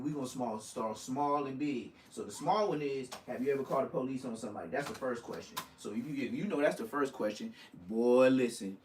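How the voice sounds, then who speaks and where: A man hosting his podcast in a loud, rambling, profane rant. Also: medium pitch, husky. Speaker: podcast host. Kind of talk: casual ranting podcast monologue.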